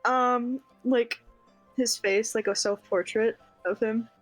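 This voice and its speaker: Young woman, role-play player, giggly, high voice, dry close sound. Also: fairly even intonation, no room sound, faint music behind, rough recording. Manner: giggly, quick, in-character answers.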